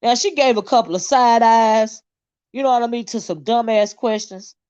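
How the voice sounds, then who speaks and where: A woman's voice: on the high side, moderate pace, smooth, no room sound, dull audio. A woman, hosting a casual livestream, reading viewer comments and ranting with lots of swearing. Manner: animated, indignant, swears freely, reads chat aloud. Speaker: livestream host.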